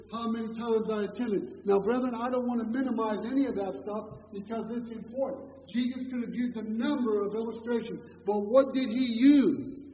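A man preaching a sermon, who stresses points loudly and slowly and then drops to a quiet storytelling voice. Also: high-pitched, slight background noise. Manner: emphatic, swings from loud slow stresses to quiet storytelling. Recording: echoey hall, dull lo-fi sound.

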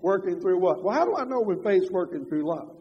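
An older man preaching a sermon, moving from loud emphatic passages to quiet confessional storytelling. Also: high voice, expressive, a little fast, slightly rough. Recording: dull reverberant hall.

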